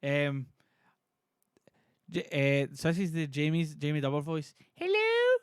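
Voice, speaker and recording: Male streamer, casual and rambling, fairly high-ish voice, dry home room. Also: level tone, measured pace, clear, resonant tone, dry recording. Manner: chatty, self-deprecating. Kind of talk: casual livestream reading.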